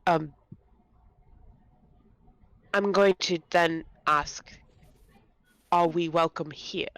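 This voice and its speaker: A woman speaking as a tabletop game player, hesitant and full of questions. Her voice is deep and gravelly, with slow, deliberate delivery and a dry, close sound. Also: fairly even intonation, a bit bright. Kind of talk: in-character tabletop play.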